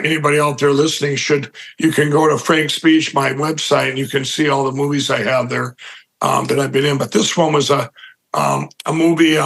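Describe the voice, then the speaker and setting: A man's voice: fairly high pitch, creaky, a bit bright, poor audio. A man giving an interview, telling a long personal story in a rambling way with lots of fillers and restarts, acting out the people he quotes. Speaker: interview guest. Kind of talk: conversational storytelling.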